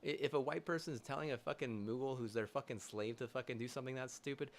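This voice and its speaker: A man's voice: medium pitch, fast, hardly any pauses. Heated, profane male streamer ranting. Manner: heated, profane, swearing constantly; agitated, rising loud bursts. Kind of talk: angry livestream rant.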